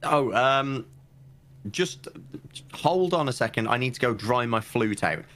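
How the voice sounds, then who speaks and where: A man's voice: mid-range voice, animated, a little slow, fairly bright tone. A man playing a tabletop game, in character as a bumbling, apologetic bard. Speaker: player. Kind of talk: tabletop role-play.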